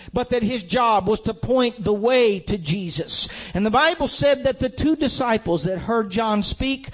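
High-voiced man preaching a sermon. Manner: emphatic, repetitive preaching cadence with rhetorical questions.

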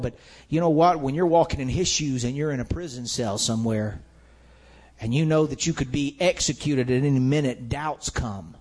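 A man's voice: a little high, moderate pace, darkish tone. A man preaching a sermon with an emphatic, repetitive cadence, building his points through rhetorical questions.

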